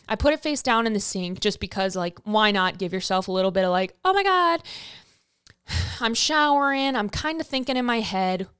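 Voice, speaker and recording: A young adult woman hosting a podcast, telling a candid personal story in a frank, profane, animated way, acting out the quotes. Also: medium pitch, smooth, no echo, clean studio sound. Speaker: podcast host.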